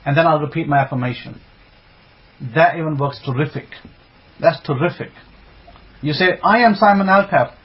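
A man from England, a rabbi giving a conversational religious teaching talk, repeating his points with emphasis. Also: a little high. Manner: repetitive and emphatic, conversational asides. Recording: dull lo-fi recording.

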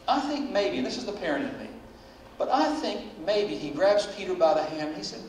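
A high-voiced male pastor preaches a dramatic sermon, leaning into the prayers and dialogue he quotes. His voice rings through a very reverberant church hall, caught from a distance with faint noise behind it. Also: very animated, fairly quick. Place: church sanctuary. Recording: very echoey church hall, voice from far off.

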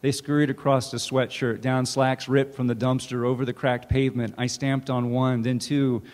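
A man, an author, reading his own fiction aloud in a measured, deliberate way at a campus event. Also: mid-range voice, level tone, darkish tone. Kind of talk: literary reading. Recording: reverberant hall.

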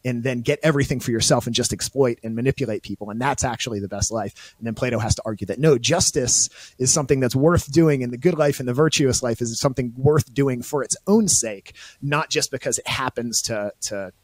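A man's voice: medium pitch, fairly quick, darkish tone, dry recording. A man who is a podcast guest, explaining eagerly in a casual discussion full of fillers and restarts.

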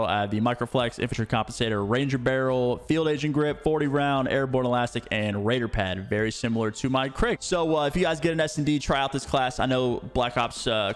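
A young man giving relaxed, chatty gameplay commentary and explaining his setups. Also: mid-range voice. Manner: relaxed, chatty, uses fillers. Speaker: gaming streamer.

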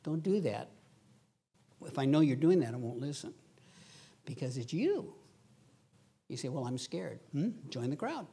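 Middle-aged male preacher, husky tone, lively sermon delivery with acted-out quotes. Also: a little high, unhurried, long pauses. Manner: animated, acts out quoted voices, laughs at his own stories. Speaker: pastor.

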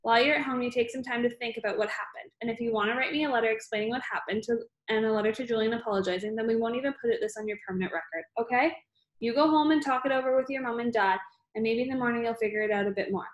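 A woman's voice: a little high, racing, roomy sound, lo-fi sound, lightly acted. A woman reading as a patient male principal. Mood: calm. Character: stern but kind male school principal.

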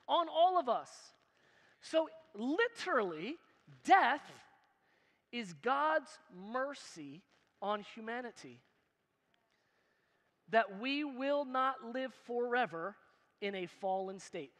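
His voice high, bright and ringing, a pastor preaches a sermon to his church. He speaks with emphasis in a friendly, conversational way, posing questions to the crowd and joking with them. Everything carries a long hall echo.

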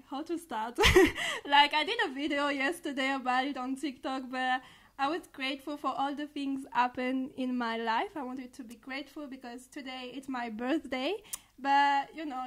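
A young woman from France with a French accent, a podcast guest speaking earnestly and haltingly in English. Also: high-pitched. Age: young adult. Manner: earnest, halting, laughs often. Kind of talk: casual interview talk.

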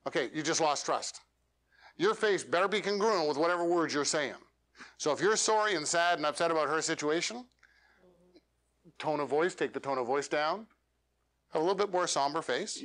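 A man with a somewhat high voice runs a live workshop in a meetup room as the featured speaker, coaching in a direct, plain-spoken style. He speaks at normal speed with lively intonation and a slightly bright tone, and keeps closing his points with questions for the audience.

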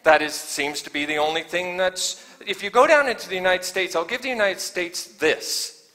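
A man's voice: high voice, moderate pace. A man preaching a sermon as a guest pastor, chatting one moment and fervent the next. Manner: conversational preaching, swings from hushed to fervent. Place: church sanctuary. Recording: long church hall reverb.

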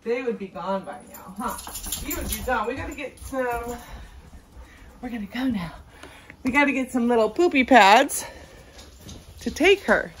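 A woman's voice: fairly high pitch, animated, moderate pace, pauses often, a little hiss or hum, poor audio. A cheerful, chatty woman vlogging on a phone, partly while out on a forest walk, cooing at her dog now and then. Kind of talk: casual chatty vlog.

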